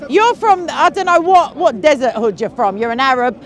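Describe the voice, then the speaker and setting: A woman's voice: high voice, big pitch swings. Cheeky woman debating on the street. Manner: cheeky, quick-witted, teasing. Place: outdoors on a busy city street.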